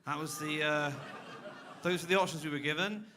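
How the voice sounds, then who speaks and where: A young man doing a stand-up comedy set on a club stage, sarcastic and deadpan, bursting into loud rants at a man in the crowd. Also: on the high side, brisk, background noise. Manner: sarcastic, deadpan then suddenly loud and ranting at an audience member.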